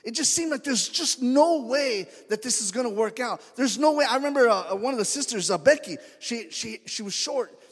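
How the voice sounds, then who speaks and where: A man's voice: very high voice, animated, normal speed, few pauses, breathy edge, big-room sound. A male pastor preaching a conversational sermon, telling stories and acting out the voices of the people in them. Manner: conversational storytelling, acts out quoted voices. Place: church sanctuary.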